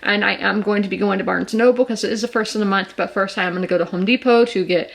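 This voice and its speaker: A woman talks to camera from a room at home. Her voice is mid-pitched and carries a steady creak of vocal fry. She rambles nervously, full of fillers and restarts. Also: fast talker. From South Carolina. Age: 20s. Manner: rambling, filler-heavy, anxious storytelling. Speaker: vlogger. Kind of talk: casual sit-down vlog chat.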